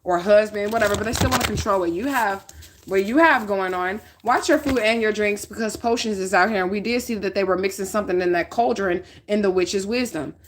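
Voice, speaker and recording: A tarot reader from the northern United States, a woman with a medium-pitched voice, talks briskly through a casual reading with slight background noise. Bluntness, plenty of swearing, and repeated "okay?" check-ins mark her style.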